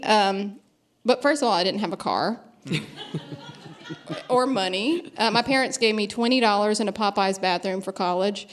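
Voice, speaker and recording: A woman's voice: mid-range voice, moderate pace, pauses often. Laughing woman guest telling a story. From US South. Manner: self-deprecating, laughs often, restarts. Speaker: guest author. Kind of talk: storytelling interview on stage.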